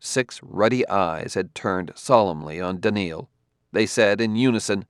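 Low-voiced man narrating a story. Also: unhurried, no room sound, studio quality. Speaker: audiobook narrator. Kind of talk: scripted narration.

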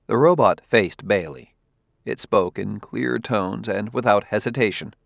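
A man reads a novel aloud in an even, unhurried way. His voice is low and gravelly, recorded dry and close. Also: dry recording. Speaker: audiobook narrator. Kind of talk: audiobook narration.

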